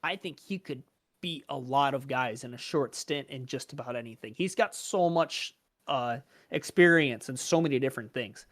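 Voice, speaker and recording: A man's voice: medium pitch, normal speed, a bit bright, no room sound, clean studio sound. A young man guesting on a podcast, telling stories eagerly in casual chat.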